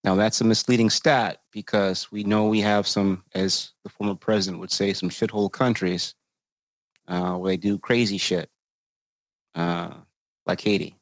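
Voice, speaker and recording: A man's voice: on the low side, fairly even intonation, moderate pace, no room sound. A man pushing back in a casual debate, asking pointed questions and throwing in sarcastic, joking asides.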